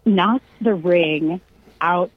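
A middle-aged Californian woman tells a long family story in casual conversation, acting out the voices of the people involved and laughing along as a lively storyteller. Her fairly low voice is slightly rough and extremely slow. The dry, echo-free recording has a narrow, phone-like radio sound.

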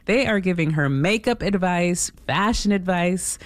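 A woman radio host asking questions and narrating a feature in a steady manner. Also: lowish voice, measured pace, few pauses, faint music behind.

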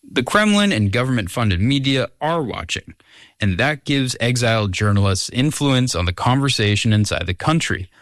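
A man narrating a scripted radio news report in a measured, even tone. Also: mid-range voice, no echo, studio quality.

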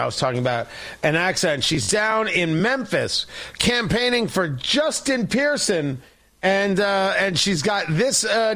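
A man's voice: sits high, sharp tone. A male talk show host giving sarcastic, rambling political commentary. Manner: sarcastic, mocking, rambling with restarts.

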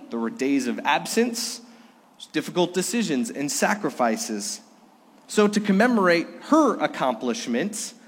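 Earnest male preacher in a reverberant hall. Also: a little high. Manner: earnest, storytelling, asks the listeners questions. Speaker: pastor. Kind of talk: sermon.

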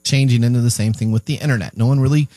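A man's voice: mid-range voice, warm tone, no echo. Man, tech radio host, casual chat, repeats words, dry close mic. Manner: halting, repeats words when restarting. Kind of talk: casual talk radio banter.

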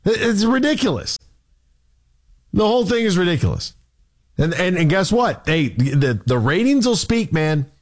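A man's voice: high-pitched, very animated, moderate pace. A man hosting a sports radio show, ranting in a worked-up way with rhetorical questions. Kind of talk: sports talk rant.

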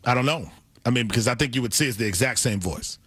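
A man hosting a sports radio show, chatting casually and reading sponsor spots quickly. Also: medium pitch, a bit bright, husky. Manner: upbeat, reads ads quickly, laughs easily. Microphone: studio mic.

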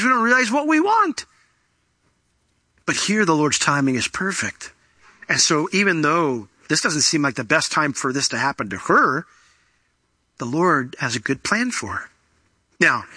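A man preaching a sermon, explaining scripture and acting out the quoted lines with sudden jumps in pitch. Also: no echo. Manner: animated, acts out quoted voices with big pitch jumps. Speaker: pastor.

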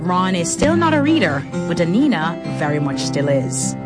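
A woman reading a scripted outro narration for a storytelling show, measured and warm. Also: lowish voice, sing-song. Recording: loud guitar music under the voice.

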